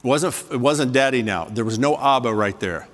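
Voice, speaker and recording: A man preaching a sermon to a congregation, switching between slow, soft emphasis and quick conversational asides. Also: medium pitch, big-room sound. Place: church sanctuary with a congregation.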